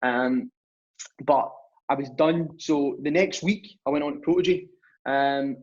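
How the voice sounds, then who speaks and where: On a muffled, lo-fi recording, a young podcast guest rambles casually through a story, chatting away and performing the dialogue himself. He has a medium-pitched, slightly mellow voice and takes his time.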